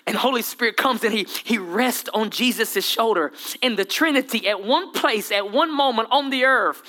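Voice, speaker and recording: Male pastor, bright forceful tone, playful energetic sermon delivery. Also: extremely high pitch, moderate pace. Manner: lively preaching with humor and dramatic voice drops.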